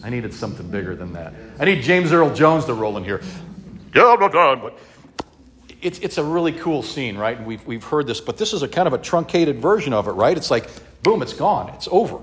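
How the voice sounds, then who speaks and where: A man's voice: medium pitch, big pitch swings, fairly quick. Easygoing man preaching a casual sermon. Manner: casual, checks in with listeners, humorous asides. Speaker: pastor. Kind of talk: conversational sermon teaching.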